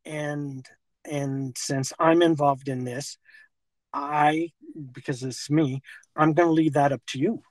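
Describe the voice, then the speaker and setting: A middle-aged man talking in a halting, rambling way with nervous laughter. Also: fairly high pitch, steady tone, no echo, low-quality recording. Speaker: confronted man. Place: parked car outside a fast-food restaurant.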